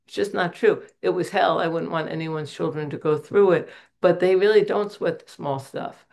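In a creaky, darkish voice that sits on the low side, a middle-aged woman shares at a recovery meeting at a moderate pace. Her personal testimony is candid and earnest, laced with self-deprecating humor about herself.

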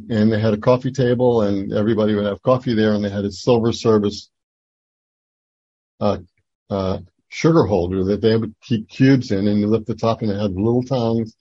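Older guy sharing his recovery story, halting, lots of ums, husky dull sound. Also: fairly low pitch, warm tone, dry recording. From Atlantic City, New Jersey. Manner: halting, rambling storytelling with many fillers and restarts. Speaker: recovery meeting speaker. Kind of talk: personal testimony talk.

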